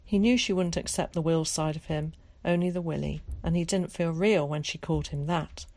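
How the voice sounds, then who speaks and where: A woman narrating a storybook in a calm, measured way. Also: deep voice. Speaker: audiobook narrator.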